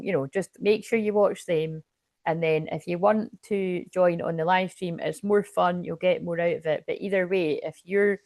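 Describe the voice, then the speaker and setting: A woman's voice: on the low side, darkish tone, no room sound, clean studio sound. A Scottish woman giving a casual, rambling tarot reading to camera. She often breaks into laughter. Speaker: tarot reader.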